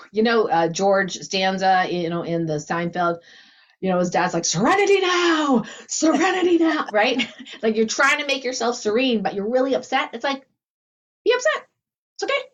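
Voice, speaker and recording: A woman's voice: medium pitch, normal speed, muffled recording. A woman talking casually and animatedly, often laughing and acting out her inner thoughts. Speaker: guest teacher. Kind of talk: casual conversation.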